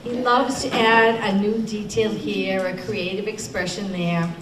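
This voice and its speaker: A woman's voice: mid-range voice, level tone, measured pace. A woman hosting a school storytelling night, giving encouraging, praising introductions of each storyteller. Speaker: event host and teacher. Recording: echoey room from a distant mic, audible noise.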